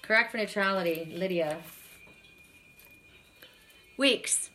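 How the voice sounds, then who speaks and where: A woman's voice: mid-range voice, slow pace, sharp tone, faint music behind. A middle-aged woman doing a live card reading, tired and emotional, chatting with viewers and often repeating herself. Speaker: oracle card reader.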